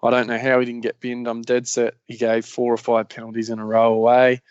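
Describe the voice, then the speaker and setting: A man's voice: medium pitch, completely flat delivery, brisk, a little mellow, clean tone, dry recording. A man with an Australian accent hosting a casual sports podcast, rambling along with lots of ums and yeahs. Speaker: podcast host. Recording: slightly muffled lo-fi recording.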